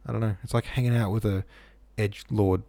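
A man's voice: fairly low pitch, steady tone, a little fast, vocal fry, dark tone, no room sound. A man reading a novel aloud, breaking off for offhand asides full of "like". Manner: offhand, says "like" a lot. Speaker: reader.

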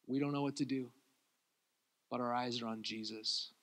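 A man, a pastor, preaching a sermon who swings between loud acted-out pleas and quiet confiding talk, laughing often. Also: medium pitch, fairly even intonation, moderate pace.

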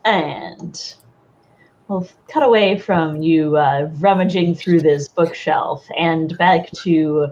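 A woman narrating as game master in a tabletop game, relaxed and halting, with many fillers. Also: sits low, highs cut off, a little hiss or hum.

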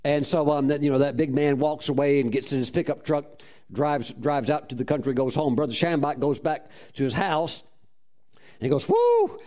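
A man preacher telling a story in a sermon, in an animated style with laughs and whoops between its beats. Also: fairly high pitch, moderate pace.

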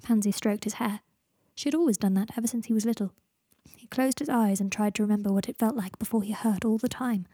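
Woman reading fanfic aloud, breathy voice, dry close sound. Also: medium pitch, quick pace, dark tone, no room sound. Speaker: narrator. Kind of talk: fan fiction audiobook narration.

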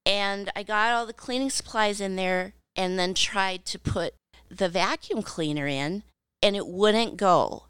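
Smooth-voiced woman, relaxed chat. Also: medium pitch, a little slow, no room sound. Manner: relaxed, laughs easily. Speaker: podcast co-host. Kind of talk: casual chat.

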